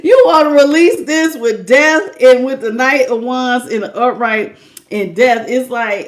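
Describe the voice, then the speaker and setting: A woman runs a live tarot reading, her voice sitting high. She keeps laughing, drops into casual slang and sometimes acts out the lines of the people she reads about. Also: unhurried. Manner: laughs often, slangy and playful. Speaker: tarot reader.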